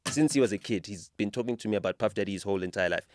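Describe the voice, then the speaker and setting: A South African man hosts a casual podcast, his lowish voice moving at a rapid-fire clip in a dry, clean studio recording. He speaks with conviction and an impassioned tone, building into stories told with rising animation.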